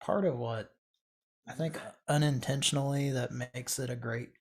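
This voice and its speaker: A man's voice: mid-range voice, steady tone, normal speed, darkish tone. A man hosting a podcast in casual chat, rambling and restarting his sentences as he talks. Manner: rambling, chatty, trails off and restarts. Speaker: podcast host.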